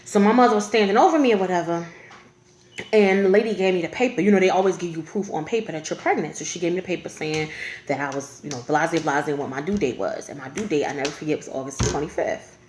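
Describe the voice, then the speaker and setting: A woman's voice: fairly low pitch, fast talker, slight background noise. A woman, telling a personal story in a casual vlog and acting out the other voices in it. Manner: animated, laughing, acts out quoted voices. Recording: echoey room.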